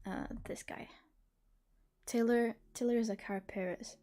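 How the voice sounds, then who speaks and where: A woman's voice: on the high side, fairly even intonation, a little slow, mellow. Giggly young woman chatting on stream. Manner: rambling, giggly, many restarts and "like"s. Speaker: streamer hosting reading sprints. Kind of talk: casual live-stream chat.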